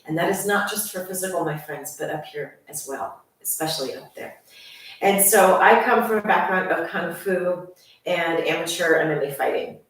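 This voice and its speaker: A woman's voice: on the low side, normal speed, far from the mic. A fitness instructor in her forties, chatting upbeat to viewers as her friends in a casual channel introduction. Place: room at home with workout gear. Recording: very echoey room, voice off-mic.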